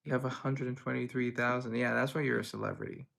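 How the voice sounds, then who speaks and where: A man's voice: medium pitch, level tone, quick pace, gravelly, a bit bright. A young man hosting a livestream, reading chat messages aloud and answering them in a rambling, playful way. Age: young adult. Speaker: livestream host.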